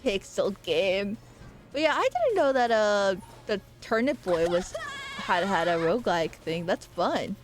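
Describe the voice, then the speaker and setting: A young woman streaming a game and chatting casually, excitable and quick to swear, with loud playful outbursts. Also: medium pitch, faint music behind. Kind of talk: casual live-stream gaming commentary.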